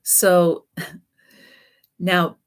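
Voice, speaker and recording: A woman teaching a class in a relaxed, conversational way, her voice sitting low. She talks loosely, with frequent fillers and restarts. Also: very slow, clean tone. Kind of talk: casual spoken teaching.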